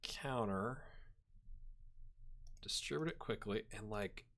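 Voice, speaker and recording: A man giving a let's-play commentary on a football management game, getting excited and chatting to his virtual players. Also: on the low side, takes it slowly, creaky.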